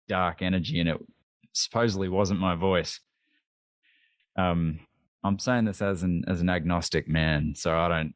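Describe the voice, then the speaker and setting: A man in his thirties recounts his story as a podcast guest, candid and lively, often restarting a phrase. His voice sits low. The sound is dry and close, with no room around it. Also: no room sound. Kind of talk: storytelling interview.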